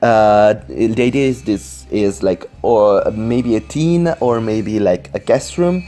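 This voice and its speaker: With soft music in the background, a man talks slowly in a fairly low, dark voice. He isn't a native English speaker and is doing casual Sims speedbuild commentary indoors at home, computer on his lap, rambling with many fillers and apologies.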